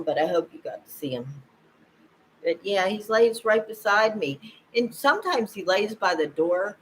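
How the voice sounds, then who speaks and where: An older woman talking casually to camera at home, rambling and halting, with frequent laughs. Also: lowish voice, a little hiss or hum, poor audio. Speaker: vlogger. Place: at home, indoors.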